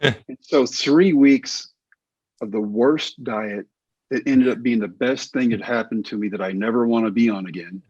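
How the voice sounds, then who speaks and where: Casting note: middle-aged male storyteller, husky voice, dull dry lo-fi sound, animated. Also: medium pitch, normal speed, no echo. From Texas. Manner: animated, acts out quoted voices. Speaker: guest, former baseball pitcher. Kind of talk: casual storytelling interview.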